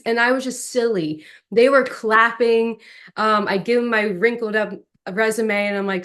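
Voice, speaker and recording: A young adult woman, an actress, telling animated stories as an interview guest. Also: a little high, normal speed. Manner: animated, lively storyteller. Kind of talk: storytelling in an interview.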